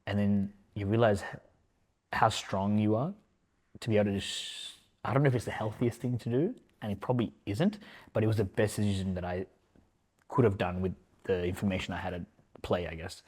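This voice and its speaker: A lowish male voice talking openly as a podcast guest. He is reflective and halting, pausing and filling gaps with casual words as he works through his thoughts in a relaxed back-and-forth. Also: breathy edge. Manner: reflective, halting, heavy use of fillers like "man" and "like". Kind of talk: casual emotional conversation.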